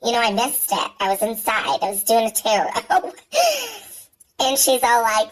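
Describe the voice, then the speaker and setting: A woman's voice: mid-range voice, normal speed, a bit bright, poor audio. A woman vlogger telling a story in a chatty, profane way, full of fillers and asides. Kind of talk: casual storytime vlog.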